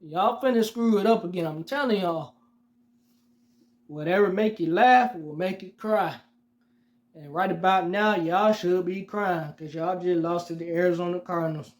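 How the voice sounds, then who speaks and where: High-voiced man ranting about football. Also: moderate pace. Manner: heated, repetitive, addresses fans directly; mocking and teasing. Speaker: sports podcast host. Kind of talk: solo sports rant.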